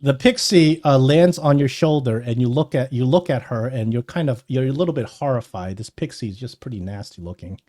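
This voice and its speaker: A man's voice: mid-range voice, brisk, few pauses, a little mellow. A man running a tabletop game as game master, narrating and improvising. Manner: laughing, improvising.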